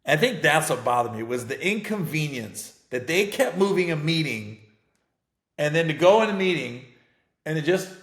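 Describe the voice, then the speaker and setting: A middle-aged man, a comedian hosting his own show, telling stories in a casual, animated monologue with a gravelly voice. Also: medium pitch, echoey room. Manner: animated storytelling, rising to shouts when fired up. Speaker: comedian and podcast host.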